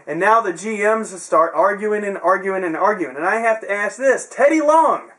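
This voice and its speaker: Chatty young man recapping, high voice. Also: moderate pace, sharp tone. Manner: chatty, sarcastic asides, frequent fillers. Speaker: wrestling show reviewer. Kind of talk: casual spoken show recap.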